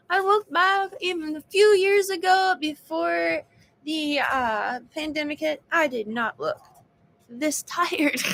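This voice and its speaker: A woman's voice: sits high, takes it slowly, creaky, a bit bright. A woman giving a casual personal video update, weary and frank, sounding exhausted. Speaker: vlogger.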